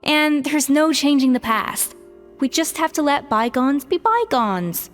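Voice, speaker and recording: A woman's voice: sits high, lively intonation, a little slow, long reverb tail, soft background music. An actress playing a proud, composed female former head chef who speaks with cool, cutting poise.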